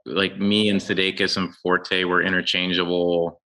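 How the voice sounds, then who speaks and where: A man's voice: little pitch movement, moderate pace, poor audio. A man in his forties, a comedian guest on a podcast, telling loose stories and jumping into impressions of strangers. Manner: loose storytelling, breaks into loud high impressions of strangers. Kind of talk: casual podcast chat.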